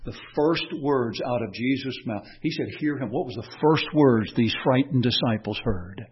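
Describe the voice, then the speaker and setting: A man preaching a sermon, swinging between raised, emphatic declarations and quiet, tender passages. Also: medium pitch, moderate pace, slightly rough, highs cut off. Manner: impassioned, swinging from raised, emphatic lines to quiet, soft reflection.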